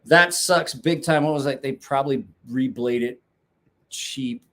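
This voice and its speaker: A man's voice: mid-range voice, a little slow, fairly bright tone. A man in his forties hosting a casual knife-sharpening chat show from his garage, rambling, swearing and laughing often. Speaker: knife sharpening podcast host. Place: home garage.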